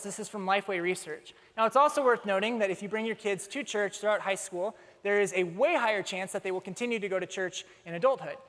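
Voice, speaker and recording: A man preaching a sermon as pastor, telling stories in an animated way with self-deprecating humor. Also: high voice. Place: church sanctuary. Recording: long church reverb.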